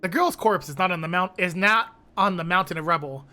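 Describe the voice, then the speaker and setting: A woman's voice: fairly low pitch, fairly quick, bright, forceful tone. A woman casually chatting and narrating a visual novel with friends on a stream, joking and laughing often. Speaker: stream co-reader.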